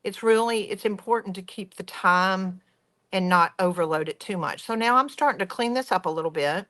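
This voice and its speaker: A woman's voice: mid-range voice, moderate pace, a bit bright. A woman hosting a craft tutorial, chatty and enthusiastic as she talks viewers through each step. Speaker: craft workshop host.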